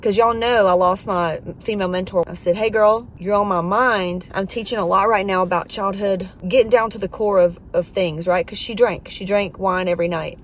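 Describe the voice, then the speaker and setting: A woman's voice: mid-range voice, fairly even intonation, normal speed, hardly any pauses, slight background noise. A woman life coach in a podcast monologue, blunt, profane and preachy, pressing her points hard.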